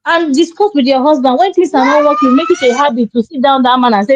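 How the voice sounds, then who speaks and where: A woman's voice: high-pitched, quick pace, few pauses. A woman giving emphatic, preachy marriage advice in casual talk, acting out quoted dialogue. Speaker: relationship commentator. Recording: dull dry lo-fi sound.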